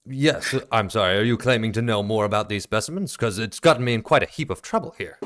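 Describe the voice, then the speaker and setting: A man's voice: animated, fast, a bit bright, dry recording, studio quality. A man voicing a flustered, evasive male circus ringmaster who stammers and pleads. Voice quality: pleading, stammering, rising pitch.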